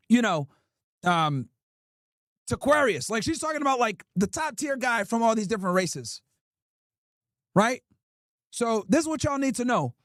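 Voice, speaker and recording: A man's voice: very high-pitched, a bit bright, no echo, clean studio sound. A man hosting a livestream, ranting bluntly and profanely while reacting to clips. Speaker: livestream host. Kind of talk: casual streaming rant reacting to clips.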